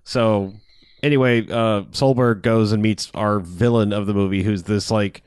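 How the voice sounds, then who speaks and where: Low-voiced man retelling a movie plot. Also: clean tone, no room sound, clean studio sound. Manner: animated retelling with quick put-on character voices and laughs. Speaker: podcast co-host. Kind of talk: casual movie review chat.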